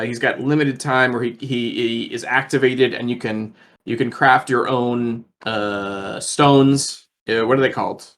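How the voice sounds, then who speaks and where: A man at a middle pitch co-hosts a relaxed podcast chat. He pauses on fillers and restarts sentences as he works through his points. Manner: hesitant, many fillers and restarts. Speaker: podcast co-host presenting the agenda.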